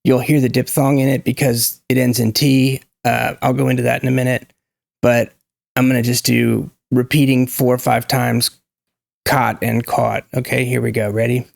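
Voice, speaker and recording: An opinionated man, speaking to camera in a gravelly, medium-pitched voice. He talks emphatically and demonstrates sounds, close to the mic in a dry, dead room. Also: level tone, moderate pace, darkish tone, no echo. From United States. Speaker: YouTube language commentator. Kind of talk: casual to-camera talk on pronunciation.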